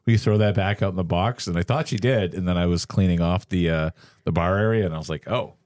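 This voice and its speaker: A man with a fairly low voice, co-hosting a true crime podcast and telling stories in a joking, casual way, acting out what people said. The sound is dry and close to the mic, with no room around it. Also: fast, a little mellow, dry recording. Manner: storytelling, acts out quotes, joking. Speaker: podcast co-host.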